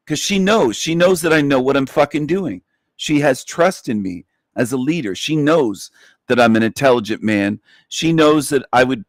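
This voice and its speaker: A man's voice: mid-range voice, no room sound. Dry-voiced man ranting emphatically. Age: adult, past twenties. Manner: emphatic, profane, repetitive. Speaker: online radio host. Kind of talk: ranting monologue.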